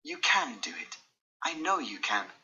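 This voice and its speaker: A man reading an audiobook, voicing a secretive young gentleman who pleads and manipulates. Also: very animated, a little slow, muffled recording, exaggerated voice. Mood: urgent pleading. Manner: pleading, pitched up high when desperate.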